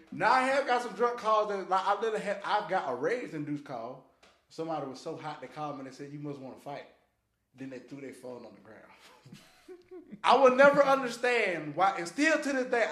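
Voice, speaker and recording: Lively echoey podcast man. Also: a little high, fairly quick. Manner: animated, slangy, laughs often, acts out quotes. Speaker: podcast host. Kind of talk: casual storytelling chat. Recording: echoey room.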